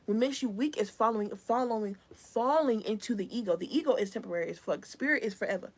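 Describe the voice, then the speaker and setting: A woman's voice: fairly high pitch, fast. A young woman giving a live collective tarot reading in a casual, rambling, slangy way. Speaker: tarot reader.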